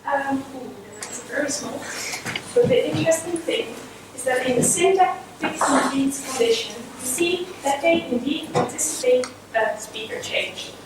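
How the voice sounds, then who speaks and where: Woman presenter, high voice, halting delivery with fillers; distant mic with noticeable room noise. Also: animated. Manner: hesitant, with frequent fillers and apologetic asides. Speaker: conference presenter. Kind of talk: academic presentation. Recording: echoey hall from far off with noise.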